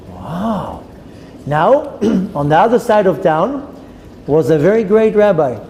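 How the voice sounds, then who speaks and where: Rabbi telling a story with lively feeling. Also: male voice, sits high, slow pace. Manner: animated storytelling with Hebrew terms and dramatic quoted voices. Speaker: rabbi giving a Torah class. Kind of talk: storytelling Torah lesson. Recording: long reverb with faint ambient noise.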